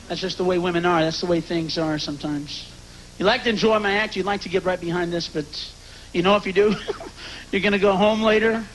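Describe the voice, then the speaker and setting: A man's voice: sits high, fairly quick. A male stand-up comedian telling jokes and chatting as a talk-show guest, breaking into sudden screaming rants. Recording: noisy archival TV broadcast.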